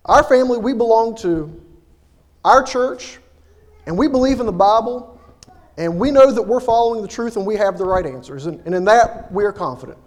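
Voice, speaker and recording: A man's voice: high-pitched, animated, in a large hall. A man playing a self-assured husband who firmly turns away visitors at the door. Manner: firm, self-assured, brisk. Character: confident husband dismissing church visitors.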